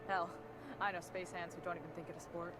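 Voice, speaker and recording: A man doing a quiet, offhand spacer. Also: high voice, flat delivery, fast talker, background noise, voice pushed up, lightly acted.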